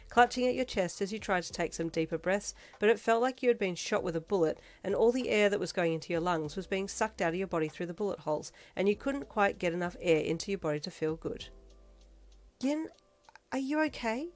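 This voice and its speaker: A woman reading fan fiction aloud in second-person narration, with steady, even storytelling. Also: medium pitch, fairly quick. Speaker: reader.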